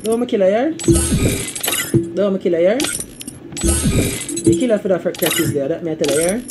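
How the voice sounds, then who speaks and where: Animated Jamaican man streaming. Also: fairly quick, loud music behind the voice. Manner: animated, repeats catchphrases, sudden high loud outbursts. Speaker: game streamer. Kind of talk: live-stream chat to viewers.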